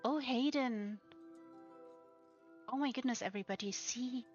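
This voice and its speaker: A woman with a fairly high voice leads a very slow, gushing tour of player-built homes, trailing into soft breathy whispers and little giggles. The sound is slightly dull and lo-fi, with faint music playing underneath. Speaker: streamer touring player houses. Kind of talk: slow, gushing live-stream house tour.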